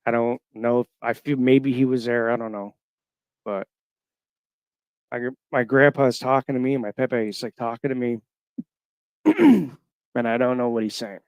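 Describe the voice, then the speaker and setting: Halting, emotional man in his thirties. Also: medium pitch, lively intonation, smooth, no room sound, lo-fi sound. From Florida. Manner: halting, emotional, many fillers. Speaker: caller. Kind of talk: casual storytelling. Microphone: call-in line.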